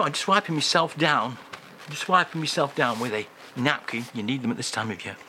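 A man hosting a comic radio feature, playful and mock-grand, easily excited. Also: on the high side, moderate pace, slight background noise. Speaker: radio host.

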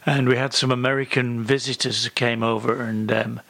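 A man chatting as a guest on a radio show, playful and full of quick jokes and anecdotes. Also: mid-range voice, little pitch movement, creaky, fairly bright tone, no room sound. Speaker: studio guest. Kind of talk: joking radio chat.

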